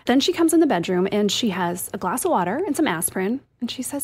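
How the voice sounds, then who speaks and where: A woman's voice: mid-range voice, sing-song, quick pace, darkish tone, husky. A woman co-hosting a radio show, upbeat, explaining tips step by step. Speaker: co-host. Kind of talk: casual radio show chat.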